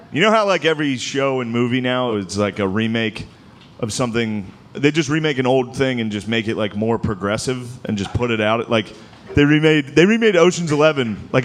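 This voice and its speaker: A man in his thirties working a live stand-up set, his pitch bouncing up and down as he rambles. He loads his talk with "like"s and slides into quick impressions. It is a stage mic recording with crowd laughter and some noise underneath. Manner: loose, rambling delivery with many "like"s and quick impressions. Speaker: stand-up comedian. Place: comedy venue with a laughing audience.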